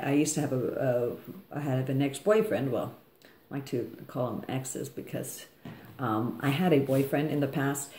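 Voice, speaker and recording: A woman's voice: sits low, mellow. A woman astrologer and life coach giving a casual forecast. She rambles and keeps checking in with her listeners by asking "okay?". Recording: echoey room.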